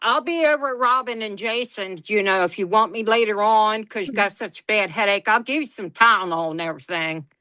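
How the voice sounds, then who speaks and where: A woman's voice: medium pitch, brisk, few pauses, no echo, clean studio sound. A woman telling a family story in a casual chat, acting out the voices of the people in it and swearing freely. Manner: animated, acts out quoted voices, swears freely. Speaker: guest storyteller.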